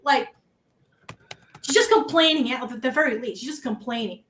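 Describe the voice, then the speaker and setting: A woman with a Massachusetts accent chatting about a true-crime case, animated and worked up, swearing at times. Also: high voice, a little fast. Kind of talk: casual true-crime chat.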